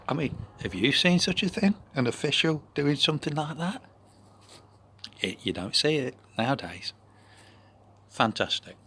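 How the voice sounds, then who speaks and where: A man telling a rambling personal anecdote, full of asides and now and then dropping into a soft whisper. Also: mid-range voice, a little hiss or hum. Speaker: vlogger.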